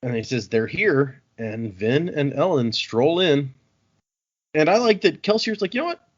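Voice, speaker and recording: A man's voice: on the high side, measured pace. A man casually recaps a book chapter on a podcast and keeps slipping into playful voices for the characters. The audio is a bit dull and lo-fi, like a home recording. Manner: animated, acts out characters' lines. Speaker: podcast host.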